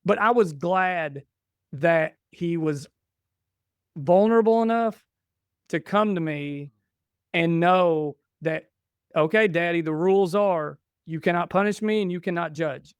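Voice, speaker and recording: A man's voice: a little high, a little slow, clear, resonant tone, no echo, clean studio sound. A man in his forties, a podcast guest, telling family stories casually and acting out what was said back and forth. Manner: chatty, restarts and quotes himself. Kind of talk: casual storytelling.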